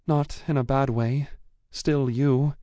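A man's voice: medium pitch, steady tone, slow pace, mellow, no room sound, voice pushed up, close to an everyday voice. A man voicing a tearful young woman. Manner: tearful, choked, breaking with held-back sobs. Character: young woman, emotional, fierce, loyal friend. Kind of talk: audiobook character voice.

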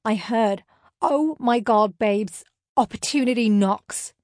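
A woman's voice: a little high, slow, no room sound, clean studio sound. Woman doing a squealing teen best friend. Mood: teasing. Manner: squealing, teasing, excitable. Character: bubbly teenage girl best friend. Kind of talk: audiobook character voice.

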